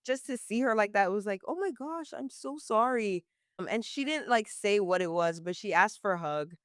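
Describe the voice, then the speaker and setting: A woman's voice: mid-range voice, brisk, fairly bright tone, clean tone, dry recording, studio quality. A young woman working as a barista, answering interview questions casually with many "like" fillers and frequent laughs.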